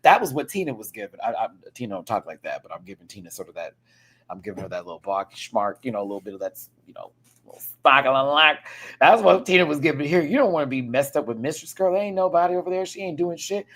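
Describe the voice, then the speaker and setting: Sassy, animated male show reviewer. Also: medium pitch, quick pace. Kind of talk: casual ranting recap.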